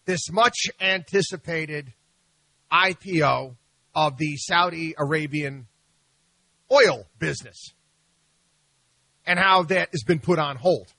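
A man hosting a financial talk radio show, telling stories in an animated, mocking way with frequent restarts. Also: a little high, no echo. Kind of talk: opinionated talk radio monologue.

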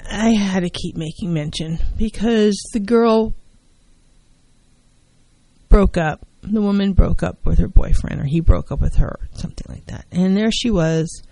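A woman's voice: mid-range voice, mellow, dry recording, rough recording. A woman therapist giving an earnest self-help talk on mental health, driving her points home by repeating key phrases.

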